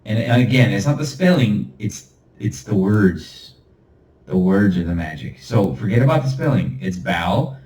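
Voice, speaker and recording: A man's voice: fairly low pitch, expressive, moderate pace, a little mellow. A man hosting a solo podcast monologue. He talks in a rambling, emphatic, preachy way and chuckles now and then. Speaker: podcast host. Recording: roomy, far from the mic.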